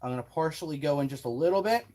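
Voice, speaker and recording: A man's voice: fairly high pitch, animated, very fast, dark tone. Chatty man talking through a build. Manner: chatty, talks himself through tasks, self-deprecating asides. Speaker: RC hobby tutorial host. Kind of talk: casual hands-on build tutorial.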